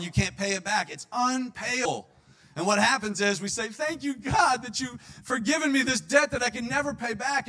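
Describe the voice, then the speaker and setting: A male preacher with a bright, fairly high voice delivers a sermon. He drops to hushed, close tones, then swells into loud, pressing emphasis. He voices the doubts of his listeners and the replies of God as he goes. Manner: swings between quiet intimate passages and loud emphatic bursts.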